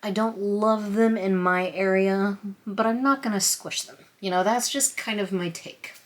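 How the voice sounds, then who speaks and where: A woman unboxing a tarot deck on camera at her table, excited, flustered and emotional, rambling with restarts. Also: mid-range voice, unhurried. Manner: emotional, close to tears. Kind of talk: casual chatty unboxing. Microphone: camera on a stand at a table.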